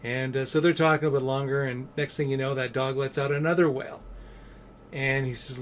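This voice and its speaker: A man's voice: medium pitch, steady tone, brisk, slight background noise. A middle-aged man vlogging as a business coach, telling stories in a loose, chatty way with lots of fillers and restarts. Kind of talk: casual motivational talk to camera.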